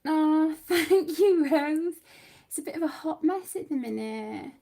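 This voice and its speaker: A high-voiced woman with a gravelly, fry-tinged edge, hosting a craft livestream from home. She speaks slowly and a bit flustered, muttering to herself as she works and calling her viewers sweetheart. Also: lively intonation, warm tone. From United Kingdom. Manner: flustered, talks to herself while working, calls viewers sweetheart. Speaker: livestream host.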